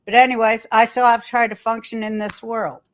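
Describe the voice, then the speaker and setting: A woman's voice: a little high, little pitch movement, brisk. An older woman hosting a casual podcast from a hotel room, telling rambling stories and ranting with plenty of swearing. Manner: rambling, profane, storytelling rant. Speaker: podcast host. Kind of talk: casual chat.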